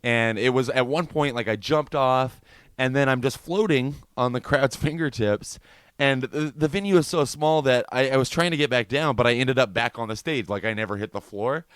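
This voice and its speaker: A man's voice: mid-range voice, moderate pace, a bit bright, clean tone, no echo, studio quality. A man co-hosting a podcast, telling concert stories in a casual, profane chat and laughing easily. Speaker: podcast co-host.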